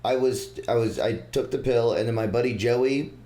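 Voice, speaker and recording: A man's voice: medium pitch, moderate pace, dark tone. A man in his twenties, a comedian guest telling a rambling story in casual chat, laughing often and swearing a lot. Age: 20s. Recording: echoey room with faint noise.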